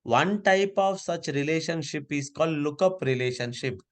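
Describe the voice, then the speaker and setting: A man's voice: on the high side, normal speed. A man teaching a live online class over a video call, giving repeated step-by-step instructions.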